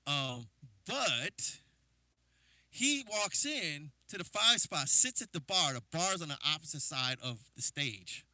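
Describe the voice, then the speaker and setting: This New Jersey drummer hosts a livestream, telling casual, rambling stories packed with fillers. His voice is a little high and sing-song, slow, bright and forceful, recorded with no room sound.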